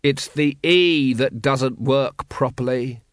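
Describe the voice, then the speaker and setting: A man's voice: medium pitch, takes it slowly, no echo, close to an everyday voice. A man voicing a dry, weary middle-aged watch captain.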